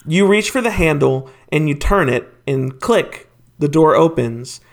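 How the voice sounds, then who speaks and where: Male game master, higher voice, slow descriptive narration. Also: animated.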